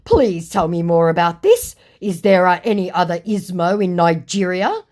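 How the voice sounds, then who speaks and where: A woman's voice: lowish voice, animated, moderate pace, darkish tone, voice pushed up, close to an everyday voice. A woman voicing an indignant male online scammer who poses as a celebrity, pleading and huffy.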